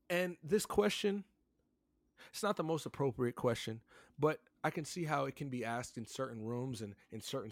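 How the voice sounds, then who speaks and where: A man's voice: mid-range voice, dry recording, clean studio sound. A man co-hosting a sports podcast, chatting casually and animatedly, joking and repeating himself. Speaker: podcast co-host.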